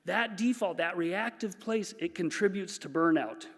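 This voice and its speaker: Brief: male psychologist speaker, somewhat high voice, animated and playful, mic'd in a reverberant conference hall. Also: unhurried. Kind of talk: conference talk.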